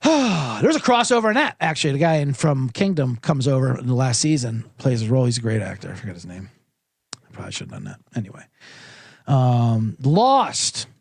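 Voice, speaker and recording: A man's voice: mid-range voice, very animated, a little fast, creaky, breathy edge, no echo. A man hosting a casual sports betting podcast, rambling and profane, often cutting himself off mid-sentence. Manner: rambling, profane, self-interrupting. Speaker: podcast host. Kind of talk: casual livestream chat.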